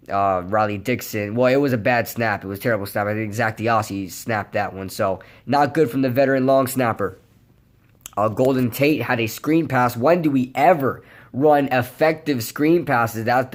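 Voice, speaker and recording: A young man with a hoarse, fading voice from yelling all day, giving a rambling casual post-game recap for his channel, full of fillers and restarts. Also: medium pitch. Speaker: sports vlogger.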